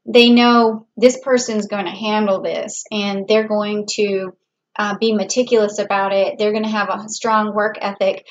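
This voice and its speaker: A woman giving a casual tarot reading, talking in a chatty, rambling way with many fillers and restarts. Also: mid-range voice. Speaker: tarot reader. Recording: dull lo-fi audio.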